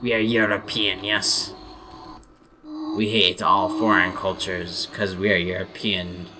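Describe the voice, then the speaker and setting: A man voicing a smug, mocking caricature of a man, slow and emphatic. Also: sits low, flat delivery, noisy background. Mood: haughty.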